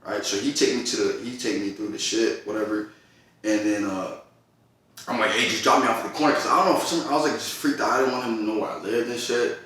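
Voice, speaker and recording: A man hosting a casual podcast, telling an embarrassing story in an animated, slangy way with lots of laughter. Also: fairly low pitch, fairly quick. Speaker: podcast host. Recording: echoey room, distant mic.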